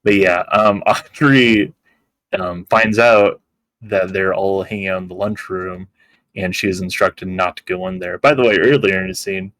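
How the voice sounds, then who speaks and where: A man co-hosting a casual podcast chat, relaxed and swearing casually while he works through his written notes. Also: low-pitched, normal speed, no room sound. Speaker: podcast co-host.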